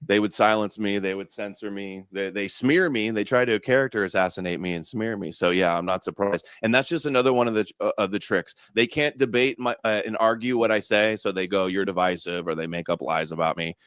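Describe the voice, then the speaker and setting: Low-voiced man arguing earnestly. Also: brisk, hardly any pauses, a bit bright, smooth, dry recording. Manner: earnest, argumentative. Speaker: guest. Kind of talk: podcast discussion.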